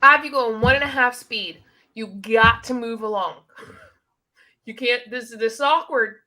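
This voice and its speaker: A woman's voice: fairly high pitch, normal speed, sharp tone. A woman co-hosting a casual reaction commentary, blunt, outspoken and joking. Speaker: co-host.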